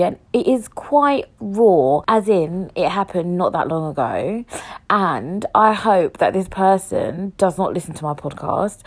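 A woman's voice: medium pitch, darkish tone. A young woman hosting a solo podcast, rambling and joking at herself as her thoughts jump around. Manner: rambling, jokey, self-mocking, jumps between thoughts. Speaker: podcast host. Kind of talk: solo casual chat podcast.

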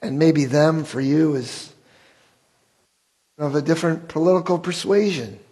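A man's voice: fairly high pitch, unhurried, warm tone, slightly rough, poor audio. A man preaching a sermon as pastor, earnest and building to impassioned rhetorical questions.

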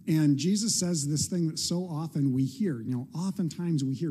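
A man's voice: fairly high pitch, a little fast, few pauses, mellow, husky. A male pastor preaching a sermon in a casual, conversational way, now and then acting out short quoted lines with a playful touch.

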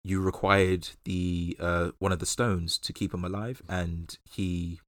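A British man with a very low, deep voice talks through films in a loose, rambling way, often stopping to restart his sentences. The sound is dry and close, with no room echo. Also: fairly even intonation, measured pace, a bit bright. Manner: rambling, lots of restarts and fillers. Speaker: podcast co-host. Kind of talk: casual film discussion.

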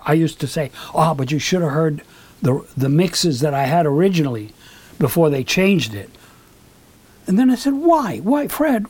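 An older man telling stories as an interview guest, rambling with asides and acting out the voices of people he quotes. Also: high voice. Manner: animated, acts out quoted dialogue. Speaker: guest, recording engineer. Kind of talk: storytelling in an interview.

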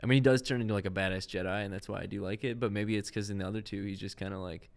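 A young man co-hosts a podcast in a very low voice. He talks in a relaxed, easygoing way, pausing on fillers as he thinks out loud. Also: gravelly. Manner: relaxed, hesitant, filler-heavy. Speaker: podcast co-host. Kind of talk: casual chat.

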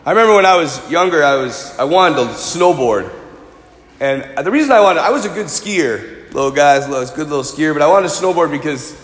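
A man in his forties preaching a sermon, animated and conversational, telling personal stories. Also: on the high side, brisk. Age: 40s. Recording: echoey hall.

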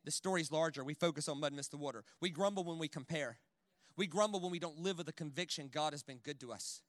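A man preaching a sermon in a church in an animated, conversational way, full of jokes and quick "right?" asides. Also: fairly high pitch, no echo. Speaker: guest preacher. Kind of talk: sermon with storytelling.

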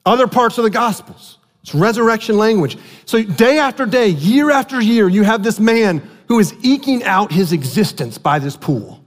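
A man preaching a sermon as pastor, animated and asking his congregation questions. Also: high voice, moderate pace, few pauses. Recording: long hall reverb.

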